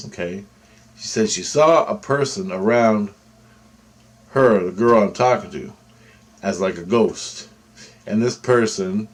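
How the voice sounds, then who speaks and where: A man casually telling a personal story, rambling with restarts and acting out other people's quoted lines. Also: fairly low pitch. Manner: rambling, animated, acts out quotes with fillers and restarts. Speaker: vlogger telling personal experiences.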